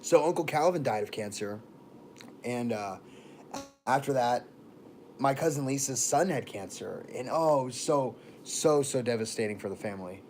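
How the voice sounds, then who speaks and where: A man's voice: mid-range voice, expressive, normal speed, darkish tone, soft background music. A young man from Texas and Florida, chatting casually on a livestream and greeting viewers by name. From born in Texas, raised in Florida.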